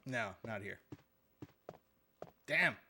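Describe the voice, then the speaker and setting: A man's voice: mid-range voice, expressive, drawn-out words, bright, forceful tone, a little hiss or hum. A man giving live gameplay commentary as a streamer, joking and chatting with his viewers while he plays.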